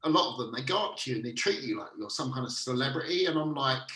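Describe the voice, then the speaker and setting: A man's voice: medium pitch, lively intonation, fast talker, pushed and bright, distant mic. A man co-hosting a casual podcast chat, laid-back and chatty, swearing now and then. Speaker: podcast co-host. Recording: roomy echo, speaking from off-mic.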